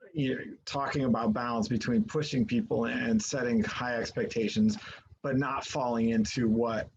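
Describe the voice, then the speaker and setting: Halting male panel moderator. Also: medium pitch, creaky, muffled recording, a little hiss or hum. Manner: halting, thoughtful, many fillers. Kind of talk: online panel discussion.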